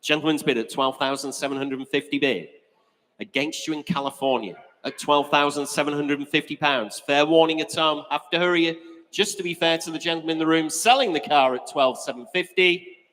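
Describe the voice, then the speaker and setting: A man working as auctioneer, calling bids at a live car auction with brisk, jokey patter. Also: on the high side, fairly bright tone. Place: auction hall. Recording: echoey auction hall.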